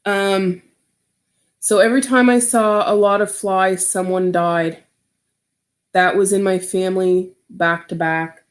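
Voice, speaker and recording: A woman streamer recounting a personal story at an unhurried pace. She rambles, restarts, and fills her sentences with "like," in a mid-pitched voice. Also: fairly even intonation. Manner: rambling, full of "like" fillers.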